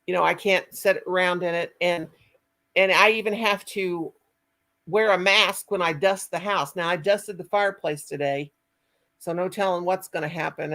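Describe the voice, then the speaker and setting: A woman's voice: on the low side, vocal fry, fairly bright tone. A woman hosting a casual livestream chat, folksy and talkative, laughing often and reading out viewer comments. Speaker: livestream host.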